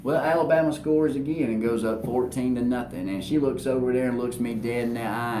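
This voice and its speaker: A man spins a long, animated anecdote in a middle-range voice. He ribs himself as he goes. The room adds a noticeable echo. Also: mid-range voice, a little fast, hardly any pauses, background noise. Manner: animated, self-deprecating, acts out quotes. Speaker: co-host. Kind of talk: rambling anecdotal storytelling. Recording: roomy echo.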